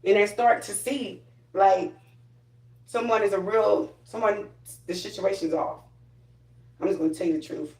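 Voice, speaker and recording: A woman's voice: medium pitch, measured pace, long pauses, a little mellow, reverberant, rough recording. A woman chatting casually and bluntly while getting ready, giving spiritual readings, repeating her phrases for emphasis. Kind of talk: casual get-ready-with-me chat.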